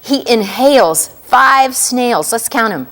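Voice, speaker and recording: Lively sing-song woman reading to kids. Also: fairly high pitch. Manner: animated, asks children questions often; drawn-out sing-song rhyming delivery. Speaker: children's storyteller. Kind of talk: reading a picture book aloud to children.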